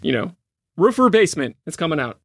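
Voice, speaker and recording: A man's voice: on the high side, sing-song, fairly quick, no echo, studio quality. A man co-hosting a casual podcast, rambling and jokey with lots of "like" and restarts. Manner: rambling, filler-heavy, jokey. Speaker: podcast co-host.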